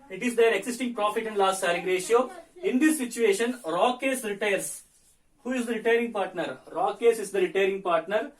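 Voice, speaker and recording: A hoarse man with a high voice works through fractions step by step in a lesson, repeating each figure as he goes. His voice sits a little away from the microphone, so it sounds distant. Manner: repetitive step-by-step explaining. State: hoarse from fever. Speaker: teacher. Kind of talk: accountancy lesson.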